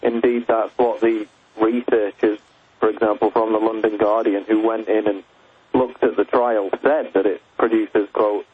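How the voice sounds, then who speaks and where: A man with a lowish, husky voice speaks in a measured, explanatory way. He comes through a tinny phone line as a guest on a radio show. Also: level tone.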